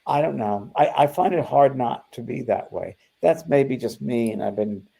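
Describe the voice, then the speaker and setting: A man's voice: mid-range voice, normal speed, vocal fry, warm tone, breathy edge. An older man in casual spiritual conversation, telling a story full of fillers and restarts. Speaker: spiritual medium, co-host.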